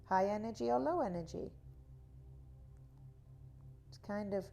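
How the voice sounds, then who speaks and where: A woman teaching a guided yoga class, talking in a slow, soothing, drawn-out way. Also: medium pitch, lively intonation, creaky, dark tone, soft background music. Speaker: yoga instructor.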